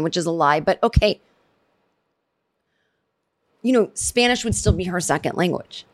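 A woman's voice: medium pitch, moderate pace, pauses often. A woman hosting her own comedy podcast, talking solo in a rambling, sarcastic way with many restarts and asides. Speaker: podcast host.

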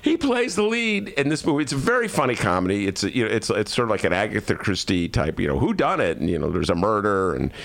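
Brief: male radio host, wildly swooping pitch, loose jokey rambling. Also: very animated, fast, vocal fry, few pauses, a bit bright. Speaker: radio show host and columnist. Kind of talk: casual talk radio. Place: radio studio.

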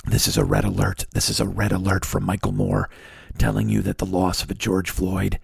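A man doing a mocking impression of a somber male documentary maker, speaking slowly and gravely. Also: deep voice, flat delivery, no room sound, clean studio sound, voice pushed down, exaggerated voice. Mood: mock-solemn. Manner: slow, grave and hushed.

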